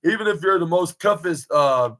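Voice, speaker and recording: A man's voice: a little high, animated, moderate pace, a bit bright, rough recording. A young man hosting a podcast, recapping a wrestling match in a rambling, casual way, full of fillers and restarts. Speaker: podcast host reviewing wrestling. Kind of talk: casual recap, play-by-play retelling.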